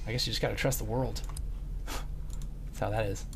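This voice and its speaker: Excitable male let's-play commentator, yelps and grumbles, very animated pitch. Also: moderate pace, long pauses, music in the background. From Mississippi. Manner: excitable, yelling and muttering at the game. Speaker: gameplay commentator.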